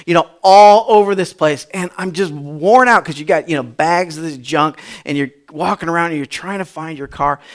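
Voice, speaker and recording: A male pastor telling a story in a sermon, chatty and repetitive, building to loud emphatic bursts. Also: a little high.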